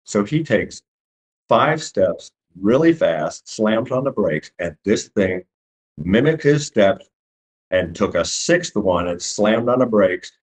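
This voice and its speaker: Low-voiced middle-aged man, halting storyteller. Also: expressive. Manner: halting, full of restarts, acts out the dialogue. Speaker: eyewitness telling his story. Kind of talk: casual spoken storytelling. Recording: dull lo-fi recording.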